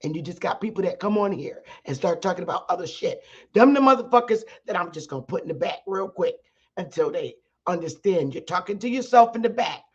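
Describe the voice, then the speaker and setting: A middle-aged woman hosting her own stream, talking bluntly and profanely to her audience and rising into sharp shouts at times. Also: fairly low pitch, lively intonation, a little fast, breathy edge, dull audio. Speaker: channel host teaching her audience. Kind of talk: heated livestream monologue.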